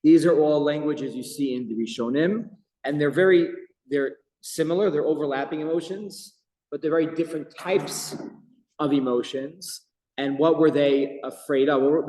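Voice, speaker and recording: A man teaching a Torah class as a rabbi, telling the story with lively emphasis and quoting Hebrew verses. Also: a little high. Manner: animated storytelling with Hebrew quotes. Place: office. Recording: echoey room with long reverb.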